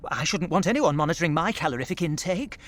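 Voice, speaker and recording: A man's voice: on the high side, animated, fast, fairly bright tone. An actor playing a pompous, posh, old-fashioned male presenter with a plummy, fussy manner in a radio comedy. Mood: prim.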